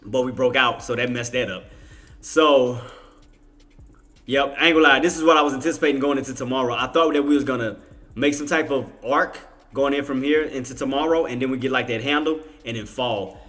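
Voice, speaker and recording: A man from Louisiana with a Cajun accent, giving casual, excitable livestream commentary on stock trading, with lots of Southern slang and self-corrections. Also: mid-range voice, fairly quick.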